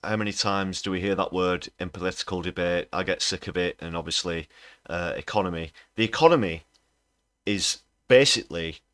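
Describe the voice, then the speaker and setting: Brief: low-pitched male host, angry political commentary. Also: a little fast, fairly bright tone. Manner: indignant, ranting. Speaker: livestream host.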